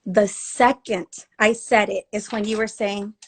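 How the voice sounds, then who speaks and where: A woman's voice: medium pitch, fairly even intonation, measured pace, slight background noise. A woman chatting casually on a live video, rambling and acting out the thoughts she quotes. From Latina. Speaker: actor on a live chat. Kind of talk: casual chat.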